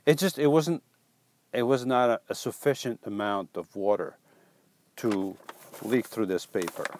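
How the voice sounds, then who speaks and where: A man's voice: fairly low pitch, a little slow, darkish tone, a little hiss or hum. A man hosting a casual live stream, reading viewer comments aloud and joking back with playful teasing and stumbling restarts.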